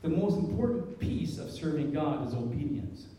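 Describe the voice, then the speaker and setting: On the high side yet dark in tone, this middle-aged man speaks at normal speed and sounds animated. He's a lay speaker giving an informal church talk, rambling through a personal story with fillers and restarts; the mic is distant in an echoey hall.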